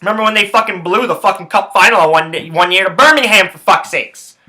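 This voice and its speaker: Pissed off guy ranting on his sports podcast, swears nonstop, kinda high bright edgy voice. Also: a little fast. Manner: angry, heavy swearing, repeats phrases. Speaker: podcast host. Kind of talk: profane sports rant.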